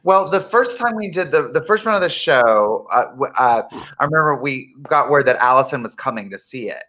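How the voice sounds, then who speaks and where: A man, a cast member, chatting casually and rambling through his memories with halting restarts. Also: medium pitch, lively intonation, pushed and bright, poor audio. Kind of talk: casual chat.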